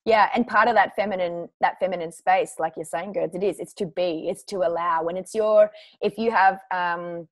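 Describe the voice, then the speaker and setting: A woman's voice: fairly low pitch, steady tone, normal speed, no room sound. A woman hosting a podcast, talking casually and searching for words with fillers like "um" and "like". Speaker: podcast host. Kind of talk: podcast interview conversation.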